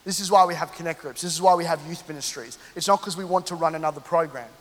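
A man in his thirties from London, a pastor telling an animated, humorous story during a sermon and speaking straight to the congregation. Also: on the high side, fast talker. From London, England. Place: church hall. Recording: long hall reverb.

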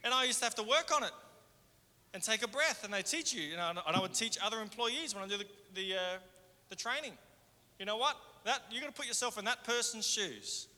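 A man preaching a sermon in a conversational way, moving between fervent and hushed. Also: very high-pitched. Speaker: pastor. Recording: hall reverb.

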